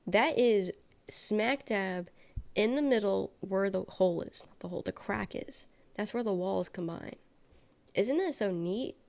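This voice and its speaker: A woman's voice: mid-range voice, measured pace, vocal fry, a little mellow. A sick young woman with a nasal, congested voice, rambling casually as a livestreamer from her bedroom. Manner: rambling, trailing off, self-correcting. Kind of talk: casual chat. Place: her bedroom with bare walls.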